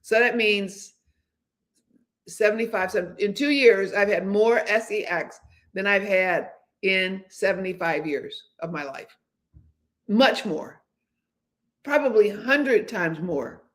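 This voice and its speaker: A woman's voice: medium pitch, slow, long pauses, fairly bright tone. A woman in her seventies, hosting a livestream and chatting candidly in a rambling way, with many fillers and restarts. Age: 70s. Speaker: host. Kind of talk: casual livestream chat.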